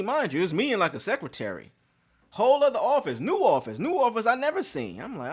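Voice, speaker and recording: Animated man with wildly swinging pitch. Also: fast, breathy edge. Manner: animated, profane, acts out dialogue. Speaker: vlogger telling a story. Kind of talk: casual storytime monologue.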